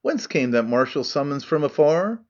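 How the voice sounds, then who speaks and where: A man's voice: on the high side, very animated, normal speed, lo-fi sound. A man reading as a pompous blustering warrior. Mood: bombastic. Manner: pompous, bombastic. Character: boastful pompous male warrior general.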